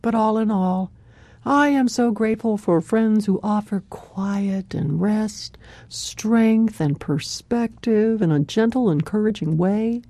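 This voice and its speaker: A woman hosting a devotional radio program, telling a Bible story in a warm conversational way, with a laugh here and there. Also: mid-range voice, takes it slowly, no room sound.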